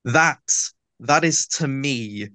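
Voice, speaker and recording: A man with a slight lisp talks in a casual interview, unfolding long and detailed explanations. His voice sits at an ordinary middle pitch. The recording is close and dry, with no room sound. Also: slow pace, bright, forceful tone, no room sound. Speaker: audio drama actor, guest.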